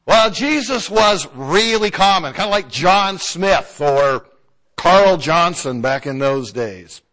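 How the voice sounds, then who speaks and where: A man's voice: sits high, animated, slow, sharp tone. A man preaching a conversational sermon and now and then acting out the voices of townspeople.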